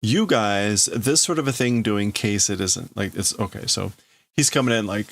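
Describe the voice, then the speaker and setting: A man on a livestream, translating a manga aloud in a halting, thinking-out-loud way. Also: fairly low pitch, vocal fry. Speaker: streamer.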